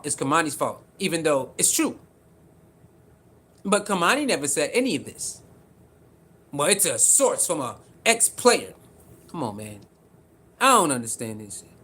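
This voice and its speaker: A man with a high-pitched voice and streams casual sports commentary. He is animated and repeats himself for emphasis, calling out viewers by name as he reads their comments. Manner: animated, repetitive, talks straight to viewers.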